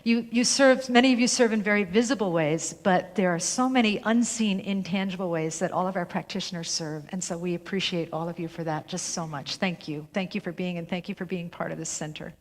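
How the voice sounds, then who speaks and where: A woman's voice: lowish voice, a little fast, hardly any pauses. A woman minister addressing her congregation in an earnest ceremonial tone, reading from a script with small restarts. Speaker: minister leading a church service. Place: church sanctuary. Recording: long hall reverb in a church.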